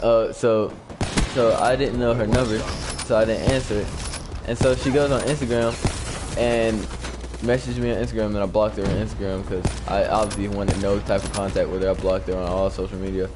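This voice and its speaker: Over a noisy background, a young man speaks a little fast in a lowish voice with flat delivery. He's a gaming YouTuber streaming live from home while playing, telling a casual story into his new desk microphone, rambling, full of "like," and acting out the quoted bits.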